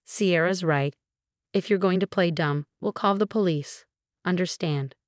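A woman voicing a calm young husband who speaks in a measured, cold and firm way. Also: high voice, no room sound, studio quality.

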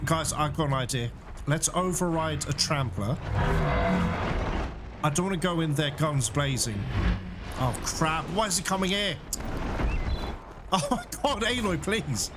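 Excitable man at a game. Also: fairly high pitch. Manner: chatty, excitable, panicky and laughing. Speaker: gaming YouTuber. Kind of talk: let's play commentary. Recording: game music playing loud behind the voice.

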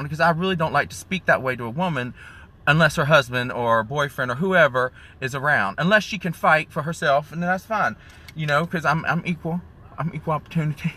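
A vlogger's slightly high voice comes fairly quick, pushed and bright, as he live streams on his phone from a car in the rain. Chatty and sassy, he calls the audience y'all and honey.

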